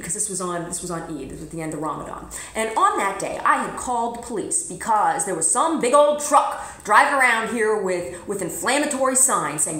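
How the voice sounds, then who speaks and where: A woman's voice: mid-range voice, animated, fairly quick, hardly any pauses, fairly bright tone, a little hiss or hum. A woman vlogger telling a personal story in a blunt, emphatic way, swearing freely. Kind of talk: casual storytelling to camera. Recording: roomy echo.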